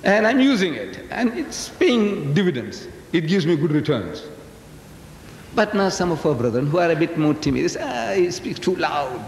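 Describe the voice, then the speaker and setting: A man in his sixties from South Africa with a South African accent, giving a lecture to a live audience in a booming, carrying voice, teasing the crowd and firing questions at them. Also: sing-song, moderate pace, darkish tone. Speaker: public speaker. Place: large hall. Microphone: PA microphone. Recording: echoey hall, faint background noise.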